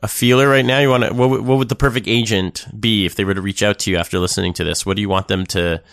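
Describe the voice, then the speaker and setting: A man's voice: fairly low pitch, steady tone, fast talker, a bit bright, no echo, studio quality. A man hosting a podcast, asking questions in a casual, chatty way and laughing along with his guest. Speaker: podcast host. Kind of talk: casual interview chat.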